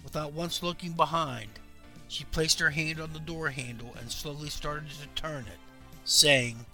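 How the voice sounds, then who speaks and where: Bright-voiced man reading a horror story. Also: on the high side, steady tone, unhurried, faint music behind. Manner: dramatic, loud bursts for the girl's lines. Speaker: story narrator.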